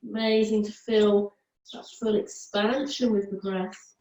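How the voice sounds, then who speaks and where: A woman's voice: mid-range voice, a little slow, muffled recording. A woman yoga teacher guiding a class, cueing each movement to the breath and offering easier and harder options. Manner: calm cueing that follows the breath, with counts and options. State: out of breath at times. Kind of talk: guided yoga class instruction. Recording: echoey room, mic at a distance.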